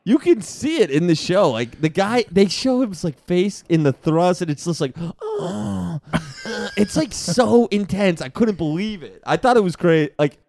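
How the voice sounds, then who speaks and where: Excitable high-voiced male podcast host. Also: moderate pace, few pauses. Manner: excitable, lots of fillers. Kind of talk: casual comedy chat.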